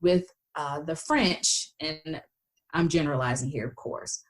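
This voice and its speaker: A woman's voice: low-pitched, measured pace. An American woman in an interview, telling stories in a chatty way with many fillers and playful quoted voices. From United States. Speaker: guest. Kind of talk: casual interview chat.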